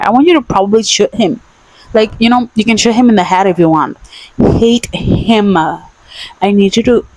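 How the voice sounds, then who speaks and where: A young woman talks straight to camera in a casual book review, exasperated and emphatic, circling back to the same complaints. Her voice sits at an ordinary middle pitch. The sound is dry and close, with no room around it. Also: darkish tone, no room sound, rough recording. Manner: exasperated, emphatic, repeats herself. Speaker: book vlogger.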